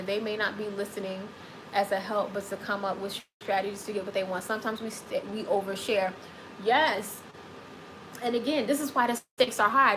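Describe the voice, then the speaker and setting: A woman hosting a live stream, reading chat comments and giving dating advice in a sassy, animated way, with speech. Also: on the high side, slight background noise, rough recording. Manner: sassy, animated, repeats phrases for emphasis.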